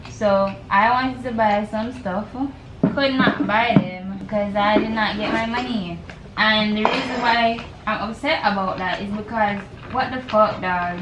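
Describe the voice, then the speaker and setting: A young woman with a Jamaican accent, vlogging casual chat while putting together furniture, ranting animatedly with swearing and patois. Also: mid-range voice. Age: young adult. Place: dorm room. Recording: echoey room, faint noise.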